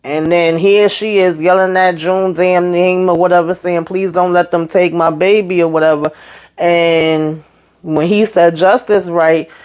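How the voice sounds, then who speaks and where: A woman casually recapping a TV episode, retelling scenes in an animated, chatty way and calling listeners child and honey. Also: fairly low pitch, a little slow, clear, resonant tone. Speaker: TV show recapper.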